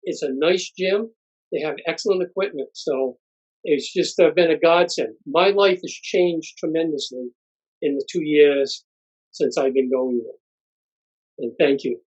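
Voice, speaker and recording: A plain-spoken man in his sixties giving a halting thank-you speech as an honoree. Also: a little high, darkish tone, breathy edge. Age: 60s. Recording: muffled lo-fi recording.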